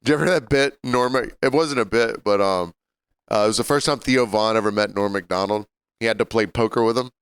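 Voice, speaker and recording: A man's voice: lowish voice, fast talker, fairly bright tone, clean tone, no echo. A man co-hosting a podcast, telling crude stories in casual banter and laughing often. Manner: laughing, storytelling, crude humor. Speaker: podcast co-host.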